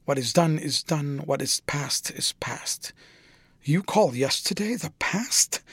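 A man's voice: mid-range voice, a bit bright, breathy edge, dry recording, clean studio sound. A man reading as languid young Dorian Gray. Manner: languid, airy, dismissive. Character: vain, cold young gentleman, aloof and languid.

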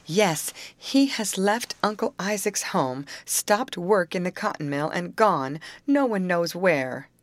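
An anxious, tearful teenage girl, as a woman reader puts her on, halting and plaintive as she talks. The voice is pitched a little above the reader's own low tone. It is heard dry and close. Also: animated, no echo. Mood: distressed. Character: tall, tearful teenage girl worried about her brother. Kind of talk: audiobook character voice.

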